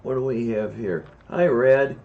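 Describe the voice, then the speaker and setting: A man co-hosting a casual chat, relaxed and rambling, with dry asides. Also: medium pitch, unhurried. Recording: dull lo-fi sound with faint noise.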